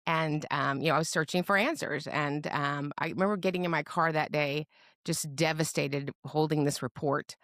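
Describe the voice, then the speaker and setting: A woman's voice: deep voice, normal speed, no echo, studio quality. Middle-aged woman telling a story. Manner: lively storyteller who acts out quoted voices with humor. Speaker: guest, special education advocate. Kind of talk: personal storytelling in a podcast interview.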